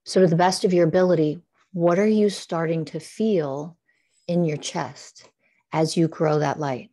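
A woman with a low-pitched voice leads a guided meditation. She speaks in a slow, soothing cadence and keeps repeating gentle affirmations. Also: steady tone. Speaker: guest, spiritual teacher. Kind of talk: guided heart-centered meditation coaching.

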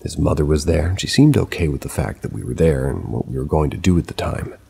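A man's voice: very deep voice, lively intonation, fast talker, gravelly, mellow, husky. A man narrating a first-person paranormal story in a casual, conversational way with wry asides.

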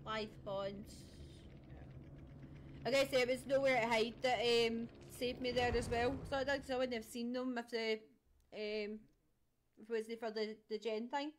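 A woman's voice: fairly high pitch, steady tone, measured pace, long pauses, slight background noise. A woman streaming a game live, chatting casually with viewers and friends, laughing often and a little scattered. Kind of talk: casual live-stream chat while gaming.

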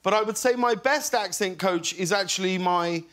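A British man in his forties chats as a talk show guest, his voice sitting high for a man. He stumbles through restarts, then rushes into animated bursts where he acts out what people said. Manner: animated, halting storyteller who acts out quotes.

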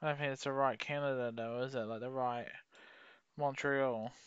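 A young man giving rambling, sweary commentary while playing a geography game, with sudden excited outbursts. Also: mid-range voice, normal speed, smooth, no room sound, highs cut off. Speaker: gaming YouTuber. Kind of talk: casual gameplay commentary.

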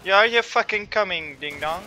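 A man's voice: high voice, brisk, pushed and bright, slight background noise. A man commentating on his own gameplay, frustrated and swearing constantly. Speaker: gamer. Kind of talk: let's play commentary.

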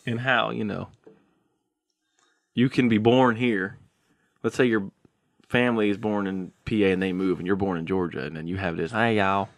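A young man co-hosting a podcast, musing out loud in a loose, rambling way with lots of fillers. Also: fairly low pitch, fairly even intonation, moderate pace, creaky, long pauses, no room sound. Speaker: podcast co-host. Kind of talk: casual chat.

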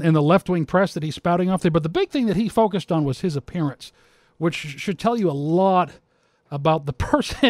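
A man with a fairly high voice holds forth in a casual rant, mocking his target and rambling through false starts. The sound is dry and close, with no room echo. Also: darkish tone. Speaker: commentator.

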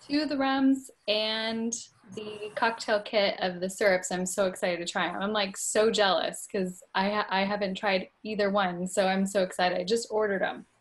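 A woman guest on a video call, bubbly and excited. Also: mid-range voice, normal speed, few pauses. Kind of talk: casual video call chat.

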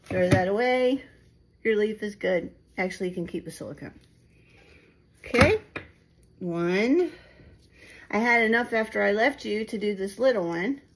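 A resin crafter talks casually to viewers as she works at her home table, teasing herself along the way. She speaks at a measured pace in a mid-range voice with long pauses, and the phone camera audio is poor, with slight background noise.

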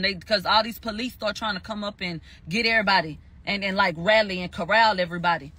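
A man's voice: sits high, brisk, few pauses, sharp tone. A man giving a heated spoken recap, emphatic and profane, repeating phrases for stress. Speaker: commentator recounting a court verdict.

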